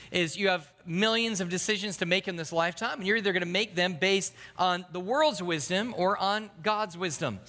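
A middle-aged man preaching, his voice high and bright as he carries a story with acted-out voices and wry humor. His words ring through a church with a long reverb tail. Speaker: pastor. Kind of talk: sermon. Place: church sanctuary.

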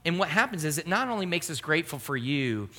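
A man's voice: fairly high pitch, very animated, fast talker, pushed and bright. A middle-aged man, a pastor, giving an earnest, emphatic sermon.

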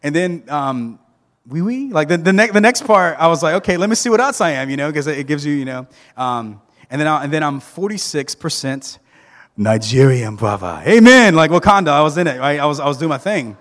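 A man preaching a sermon as a pastor, animated and joking, with many restarts. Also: fairly high pitch, a little fast, hardly any pauses, long reverb tail. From Southern United States. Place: church sanctuary.

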